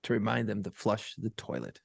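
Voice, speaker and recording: A man co-hosting a podcast, telling a profane, animated story in casual banter and acting out other people's voices. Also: lowish voice, a little fast, gravelly, slightly rough, no echo, clean studio sound. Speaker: podcast co-host and radio program director.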